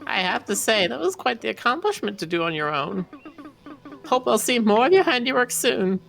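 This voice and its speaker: A woman voicing a kindly old woman who keeps the woods, reading game dialogue in a gentle, folksy way. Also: on the high side, big pitch swings, normal speed, gravelly, full character voice.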